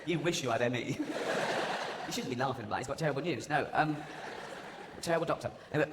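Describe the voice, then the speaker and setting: A man's voice: medium pitch, quick pace, pauses often, heavy background noise. A man performing live stand-up comedy, mocking and swearing as he mimics people, recorded in a large venue before an audience. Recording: echoey arena with loud crowd ambience.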